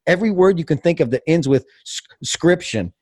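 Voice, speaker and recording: A man's voice: a little high, fairly quick, husky, no room sound, clean studio sound. A man telling a funny story in casual podcast chat, acting out other people's voices. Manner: animated storyteller, acts out voices. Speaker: podcast guest.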